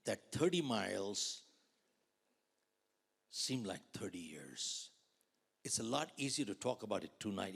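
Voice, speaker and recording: Dramatic older man with gravelly voice. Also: lowish voice, big pitch swings, measured pace, long pauses. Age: 60s. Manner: dramatic, swings from loud outbursts to near whispers. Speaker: motivational speaker. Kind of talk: storytelling keynote speech.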